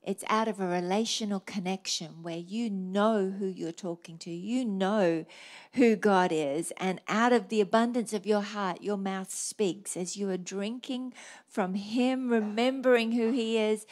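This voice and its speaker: A middle-aged woman pastor preaching a sermon, telling stories in a lively, varied way. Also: medium pitch, unhurried.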